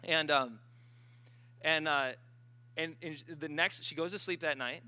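Bright, emphatic male preacher. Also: on the high side, a little slow. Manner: conversational and emphatic, swinging between loud and hushed; acts out quoted voices. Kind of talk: sermon with storytelling.

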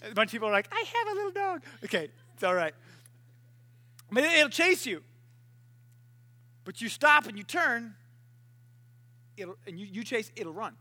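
High-voiced, animated young preacher. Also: male voice, normal speed, pauses often. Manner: animated, acts out voices and barking. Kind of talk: sermon.

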